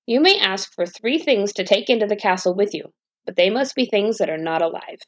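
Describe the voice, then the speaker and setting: A woman voicing a soft-spoken king who talks in a calm, measured way. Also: mid-range voice, close to an everyday voice. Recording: dull dry lo-fi recording.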